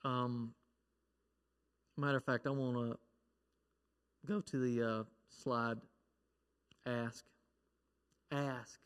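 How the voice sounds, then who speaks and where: A man's voice: medium pitch, level tone, extremely slow, long pauses, in a large hall. A middle-aged man preaching a sermon as pastor, telling stories and acting out voices from them. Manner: storytelling, acts out a child's shouting prayer.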